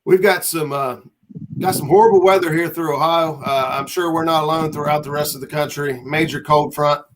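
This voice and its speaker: A man's voice: a little high, fairly even intonation, brisk, a little hiss or hum. A man hosting a casual livestream chat, laid-back and rambling as he reads out viewer comments. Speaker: livestream host.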